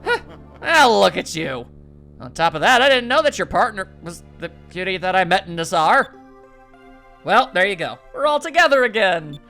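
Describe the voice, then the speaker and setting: A man's voice: sits high, very animated, normal speed, creaky, sharp tone. A man giving casual, wry commentary over a game while reading its dialogue aloud. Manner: wry, chatty, reads out the game's dialogue. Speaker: let's play commentator. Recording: faint game music behind the voice.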